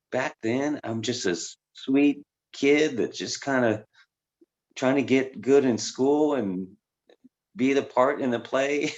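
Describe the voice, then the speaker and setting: A man's voice: medium pitch, a little mellow, lo-fi sound. A man, a life coach, reflectively telling his own life story in a conversational way. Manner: reflective and conversational, with many fillers. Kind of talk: candid personal storytelling.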